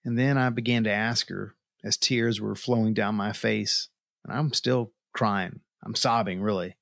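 A man's voice: lowish voice, steady tone, unhurried, vocal fry, a bit bright, no echo, studio quality. A middle-aged man telling a personal story in an earnest, emotional way, often repeating words as he goes. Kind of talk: personal testimony.

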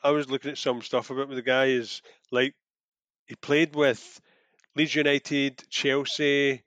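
A man's voice: mid-range voice, level tone, measured pace, a bit bright, no echo. A man co-hosting a podcast, chatting casually about a film, sharing trivia and laughing often. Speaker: podcast co-host. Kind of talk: casual chat recapping a film.

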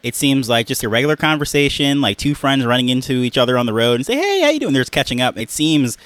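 A man's voice: medium pitch, steady tone, quick pace, fairly bright tone, clear, resonant tone, no room sound. A man hosting an interview in a casual chat, friendly and laughing along. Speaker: interview host.

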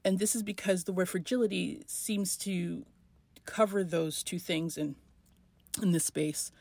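A woman hosting a podcast, talking through her thoughts in a reflective solo monologue with many pauses and restarts. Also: lowish voice, fairly even intonation, gravelly, darkish tone, dry recording. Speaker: podcast host.

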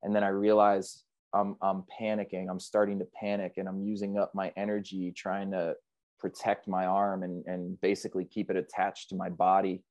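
A man with a fairly low voice tells his story as an interview guest. He talks in a vivid, earnest, reflective way. The sound is dry and close. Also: completely flat delivery, moderate pace, a little mellow, no echo. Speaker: podcast guest, big wave surfer.

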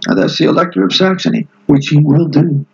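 A man hosting a book club reads a history book aloud in a fairly high, steady voice at a fairly quick pace, breaking off into emphatic, digressive asides to his listeners. The recording sounds muffled.

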